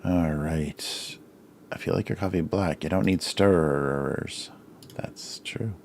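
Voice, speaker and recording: A man's voice: low voice, slow pace, darkish tone, a little hiss or hum. A middle-aged man hosting a casual drawing livestream, musing over his old cartoons with frequent chuckles and self-deprecating remarks, his voice a little strained.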